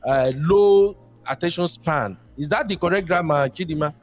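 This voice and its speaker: A man's voice: a little high, moderate pace, soft background music. A Nigerian man calling in to a talk show, chatting casually and rambling, slipping into Pidgin. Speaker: caller. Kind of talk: casual call-in chat.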